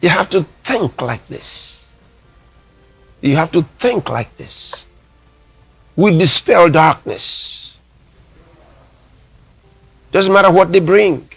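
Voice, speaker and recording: A man preaching a sermon, emphatic, repeating his phrases and reading scripture slowly. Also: high-pitched, animated, gravelly, husky, faint music behind. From Nigeria. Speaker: pastor.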